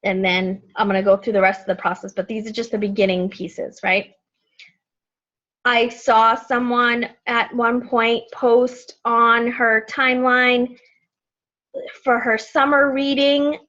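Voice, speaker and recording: Woman coach, high voice, chatty and animated, casual training talk on a dull lo-fi line. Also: unhurried. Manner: chatty, animated, acts out bright friendly messages. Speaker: team coach leading a training call. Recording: dull lo-fi sound.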